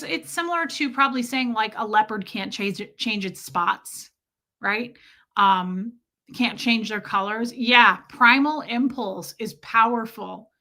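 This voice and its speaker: A woman hosting a live stream, chatting casually and reflectively while answering viewer comments, slowing down to stress key phrases. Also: on the high side, bright, forceful tone. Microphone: streaming mic.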